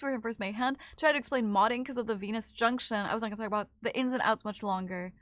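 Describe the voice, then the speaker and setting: A young adult woman streaming games, chatting casually and reading her chat aloud in quick, excited bursts. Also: on the high side, dry recording. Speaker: game streamer.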